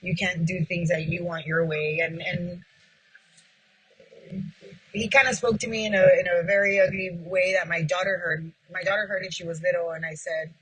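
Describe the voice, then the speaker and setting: With a lowish voice, fairly even intonation, and a normal pace, a pizzeria owner recounts her story in an interview, her tone fairly bright and a bit rough. She acts out both parties in old conversations and uses "like" a lot, all on a rough recording.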